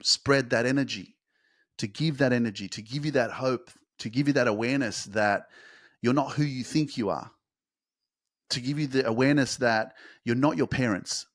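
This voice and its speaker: A man delivers a motivational podcast monologue at a mid-range pitch, fervent and emphatic. He swears freely for emphasis and climbs into fast, intense bursts. The sound is close and dry, with no room around it. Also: dry recording.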